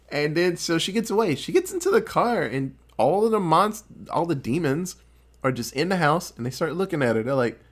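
A man retelling a movie in a loose, profane chat. His voice sits a touch high and swings widely in pitch as he jumps into voices for each character. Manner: animated, profane, acts out characters' lines in quick voices. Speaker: podcast co-host recapping a film. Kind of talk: casual chat.

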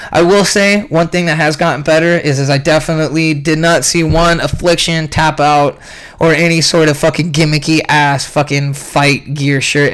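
A young man ranting casually about a fight event, profane and rambling, clearly irritated. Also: fairly high pitch, fairly bright tone. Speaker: podcast host recapping a fight event.

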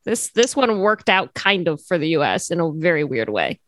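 A woman's voice: low-pitched, very animated, normal speed, a bit bright, no room sound. A woman co-hosting a podcast, chatting casually and joking, with lots of fillers. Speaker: podcast co-host. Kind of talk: casual chat.

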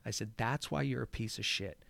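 A man telling a story in casual conversation. He swears often and acts out the lines he shouted. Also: lowish voice, a little fast, vocal fry, dry recording. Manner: profane, animated, acts out shouted quotes. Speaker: golf course superintendent.

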